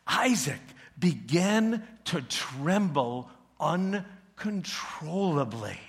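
A male pastor preaching a sermon, retelling a story with animated delivery and humorous asides. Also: fairly high pitch, very slow, breathy edge. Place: church.

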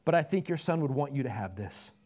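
A man voicing a humble young male soldier speaking gently and modestly. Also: mid-range voice, lively intonation, fast, natural voice.

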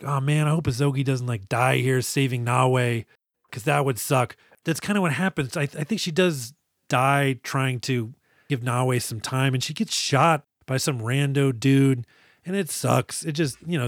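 A man co-hosting a podcast, recapping a movie in a casual, animated and jokey way with plenty of swearing. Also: mid-range voice, no echo, studio quality. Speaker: podcast co-host. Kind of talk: casual movie review chat.

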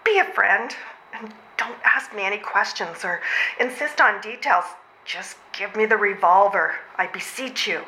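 A woman's voice: medium pitch, measured pace, sharp tone. A woman plays a worn-out, frantic mother and civil servant in a live stage comedy reading, overwrought, sighing and out of breath. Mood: desperate pleading. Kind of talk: readers' theatre stage comedy. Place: old train station before a live audience. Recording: roomy hall sound.

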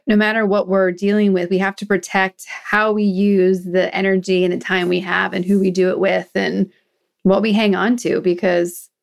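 A woman's voice: mid-range voice, gravelly. A woman hosting a casual interview, who speaks in a supportive, reflective way and often affirms her guest. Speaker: host.

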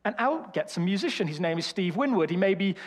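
High-voiced Birmingham preacher, joking and self-mocking. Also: male voice, animated, quick pace. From Birmingham, England. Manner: humorous, self-deprecating storytelling. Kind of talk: sermon. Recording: reverberant hall.

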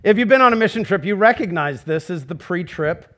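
Male pastor, middle-aged, high and light voice, casual questioning sermon delivery. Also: lively intonation, fairly quick, sharp tone. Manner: conversational, asks the congregation questions, acts out quoted voices.

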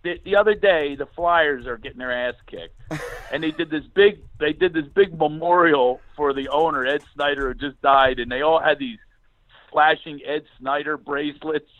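A middle-aged comedian from Philadelphia tells funny stories as a guest in a chat, animated and laughing often as he acts out the voices of his characters. His voice sits on the high side at a moderate pace. The audio is narrow and tinny, with no echo.

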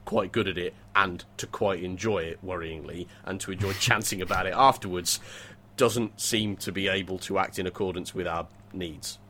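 A fairly low-pitched man talking through a novel on a podcast. He is animated and wry, moving between dry analysis and playful mock voices. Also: moderate pace, slight background noise. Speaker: podcast co-host discussing a novel. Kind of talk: casual book discussion.

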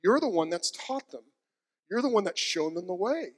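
Storytelling pastor in a reverberant hall. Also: male voice, high voice, expressive, moderate pace. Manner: storytelling, emotional, acts out quotes. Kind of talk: sermon.

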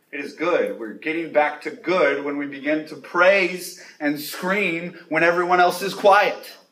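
A young man preaching a sermon, telling youth ministry stories and then rising to loud, emphatic passages on scripture. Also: on the high side. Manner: animated preaching, speeds up and slows for emphasis, rises to loud exclamations. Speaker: pastor.

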